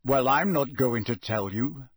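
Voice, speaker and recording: A man voicing a gruff, blunt old male wizard in an audiobook reading, growling his lines in a husky voice. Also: medium pitch, unhurried, dry recording, clean studio sound.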